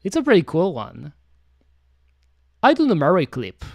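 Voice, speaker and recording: A woman streamer chats casually from her home setup, her voice low but swinging widely in pitch. Her phrasing is expressive and a little non-native, and the sound is dry and close to the mic. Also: normal speed, dry recording. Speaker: VTuber streamer. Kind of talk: casual chat. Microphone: studio microphone.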